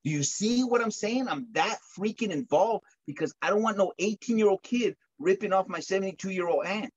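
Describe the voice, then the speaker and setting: A man giving an energetic motivational pep talk on solar sales over a video call, acting out customer chats with lively bursts. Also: high voice, a little fast, highs cut off.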